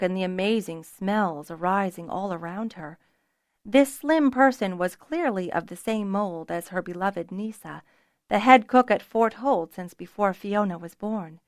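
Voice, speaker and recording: With a mid-range voice, a woman narrates an audiobook from a script, keeping her storytelling measured and even. The recording is dry and studio-clean.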